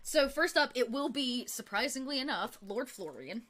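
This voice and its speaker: A woman's voice: sits high, expressive, moderate pace, fairly bright tone. A woman running a tabletop game as game master, narrating with giggles and lots of fillers.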